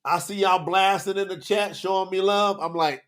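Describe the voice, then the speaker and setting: A man's voice: high-pitched, steady tone, normal speed, fairly bright tone. A man teaching scripture on a livestream, talking straight to the viewers in the chat, emotional and close to tears.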